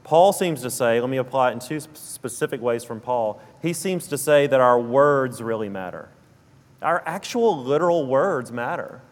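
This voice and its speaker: A man with a South Alabama drawl delivers a sermon at a mid pitch, earnest and steady. He circles back to key phrases for emphasis. His voice carries a long reverb from a large church sanctuary. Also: moderate pace. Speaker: pastor.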